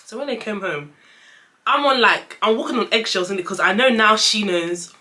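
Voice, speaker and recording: A young woman chats through a personal story to her camera, her bright, clear voice sitting at an ordinary pitch. She leans on fillers and slips into quick little voices when quoting others, keeping the whole thing loose and conversational. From London, England. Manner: chatty, lots of fillers, acts out dialogue in quick voices. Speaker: vlogger. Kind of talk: casual storytelling chat.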